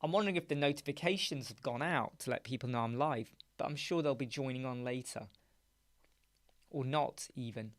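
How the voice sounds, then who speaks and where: In a dark home studio lined with soundproof panels, a male web designer hosts a casual live stream, chatting and muttering asides while he works on a website on screen. His voice is mid-range and brisk, with no room sound.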